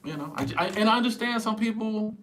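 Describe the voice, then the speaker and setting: A man's voice: high-pitched, quick pace, a little hiss or hum. Chatty middle-aged man on a livestream. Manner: relaxed and chatty, laughs often, stumbles and repeats words. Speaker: livestream host. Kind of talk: casual livestream chat reading viewer comments. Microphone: small clip-on wireless mic.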